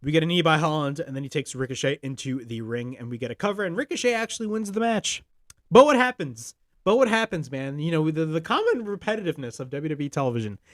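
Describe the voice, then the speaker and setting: Young male podcast host, heated swearing rant, lively pitch, dry mic. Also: quick pace, dry recording. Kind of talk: ranting show review.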